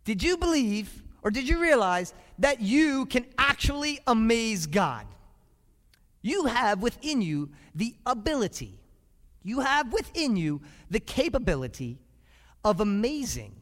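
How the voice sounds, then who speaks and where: A man preaching a sermon as a pastor, lively and often asking the congregation questions. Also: very high-pitched, measured pace, big-room sound.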